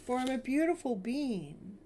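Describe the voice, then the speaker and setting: A woman tarot reader speaking soothing spiritual affirmations, slowly repeating each phrase. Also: high voice, very animated, background noise.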